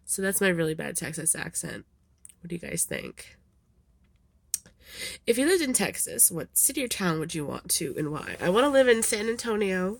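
A woman's voice: fairly low pitch, sing-song, normal speed, gravelly, dry recording, clean studio sound. A woman doing a casual questionnaire vlog, rambling with lots of ums and giggles, a little sniffly. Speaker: vlogger.

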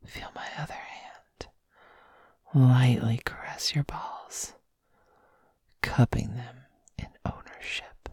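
A woman's voice: rumbling low, fairly even intonation, slow, long pauses, darkish tone, husky, no echo. A woman in an intimate whispered role-play, speaking in a teasing, commanding way close to the ear. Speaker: audio role-play performer.

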